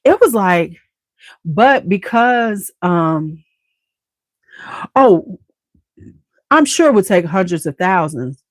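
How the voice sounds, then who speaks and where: A woman hosts a casual beauty livestream, chatting with viewers and calling them y'all while sounding a bit congested. Her voice is fairly low and animated, slow-paced with frequent pauses, and there's no room sound.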